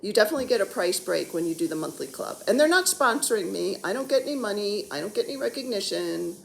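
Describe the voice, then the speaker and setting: A woman's voice: medium pitch, lively intonation, quick pace, vocal fry, a little hiss or hum. A woman in her sixties chats at home about her stitching projects. She talks in a rambling, jokey way, and her voice swings freely up and down. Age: 60s. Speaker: cross-stitch vlogger. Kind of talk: casual chat. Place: at home, seated on the floor.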